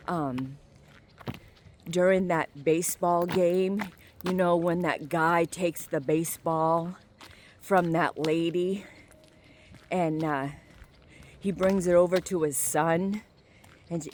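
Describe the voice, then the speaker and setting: A woman rambles along in an unhurried, low voice while walking a small-town street. She fills her talk with ums and likes, now and then dropping to a hush. The phone's mic catches her outdoors with faint ambient noise behind her. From Maine. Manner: rambling, filler-heavy, sometimes hushed. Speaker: vlogger. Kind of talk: casual walking vlog.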